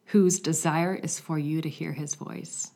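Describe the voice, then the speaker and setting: A woman telling a story in a conversational faith reflection, animated, with hushed passages. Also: low voice, measured pace. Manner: storytelling, animated, drops to a hushed voice for quiet moments.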